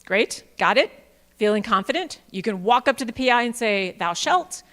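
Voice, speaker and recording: A woman giving a playful, animated workshop talk with jokey asides to an audience. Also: a little high, moderate pace. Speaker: workshop presenter. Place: large auditorium. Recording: long hall reverb.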